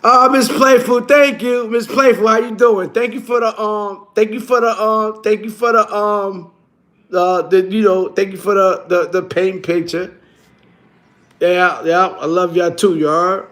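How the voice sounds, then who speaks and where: High-pitched new guy on a livestream, slangy and swearing a lot, talks casual to chat. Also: unhurried. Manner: animated, swearing, slangy street talk. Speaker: livestream host.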